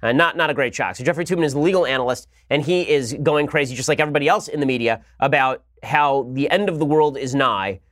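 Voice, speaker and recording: Male podcast host, rapid-fire, combative and sarcastic, commentary monologue. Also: medium pitch, a bit bright, dry recording, studio quality.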